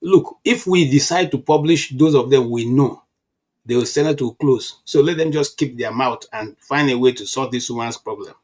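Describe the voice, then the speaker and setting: A Nigerian man in his fifties, talking politics in a casual chat and telling animated stories full of restarts. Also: medium pitch, normal speed. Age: 50s. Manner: animated storytelling with frequent restarts.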